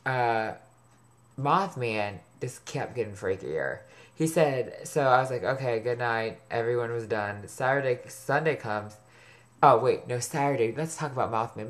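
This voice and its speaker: Gossipy, sarcastic man vlogging. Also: medium pitch. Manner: gossipy, sarcastic, swears freely. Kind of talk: rambling personal storytelling to camera.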